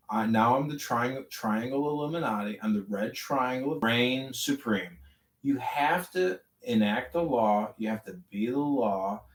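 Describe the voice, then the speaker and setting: A man rambling in a preachy way through a spiritual chat, swinging between calm and fervent in an online audio room. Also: mid-range voice. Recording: echoey, distant audio-room capture.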